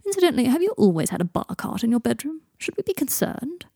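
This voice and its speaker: A woman's voice: high-pitched, big pitch swings, quick pace, vocal fry, dark tone, slightly rough, dry recording, clean studio sound, pitched above the performer's own voice, full character voice. A woman voicing a lazy, sardonic young man who drawls and teases. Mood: teasing.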